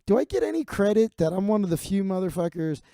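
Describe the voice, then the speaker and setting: A man's voice: sits high, big pitch swings, quick pace, mellow, no echo, clean studio sound. A man hosting his own comedy livestream, rambling and cursing in a casual, self-deprecating monologue. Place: home streaming setup.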